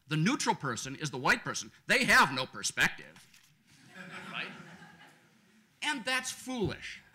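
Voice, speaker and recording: A man speaking on a law school panel, arguing his case with rhetorical questions and an animated, persuasive manner. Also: high voice. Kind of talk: lecture-panel argument. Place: law school lecture event.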